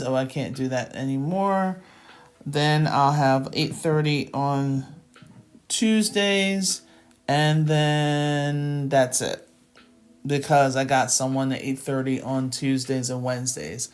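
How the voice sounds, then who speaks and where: A woman tutoring math live in a casual, chatty way. She sounds tired and fills her talk with ums and small laughs. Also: deep voice. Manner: chatty and relaxed, with frequent fillers and laughs.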